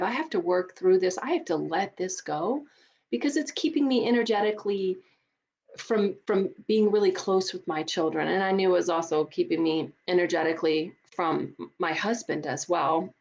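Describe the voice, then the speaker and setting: A woman's voice: lowish voice, normal speed, a little mellow, muffled recording. A middle-aged woman coach giving an earnest, emphatic motivational talk, often repeating words for stress. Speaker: divorce coach.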